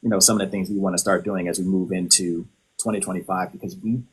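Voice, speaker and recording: A man from the United States, a holistic health practitioner, talking casually on a live stream. He explains in a relaxed way and leans on filler phrases. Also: sits low, quick pace, breathy edge.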